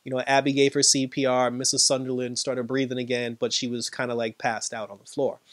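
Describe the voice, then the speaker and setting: A man giving a casual, animated recap of a TV episode, acting out what the characters said and laughing often. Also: mid-range voice, a little fast, no echo. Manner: animated retelling, quoting characters, frequent laughs. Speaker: TV episode reviewer.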